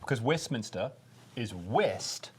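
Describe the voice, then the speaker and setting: A man's voice: mid-range voice, expressive, slow, a little hiss or hum. A man co-hosting a podcast, explaining things in a rambling, jokey way during casual chat. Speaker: podcast co-host.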